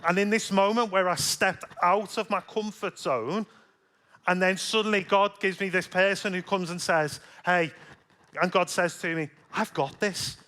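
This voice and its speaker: A man's voice: high voice, fairly even intonation, normal speed, pushed and bright. A man preaching a sermon as pastor, telling stories in a chatty way with self-deprecating humor, a little stuffy from a slight cold.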